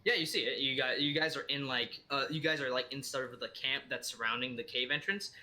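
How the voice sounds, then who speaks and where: A man's voice: medium pitch, fairly even intonation, a little fast, sharp tone. A man running a tabletop game as dungeon master, narrating casually with many fillers.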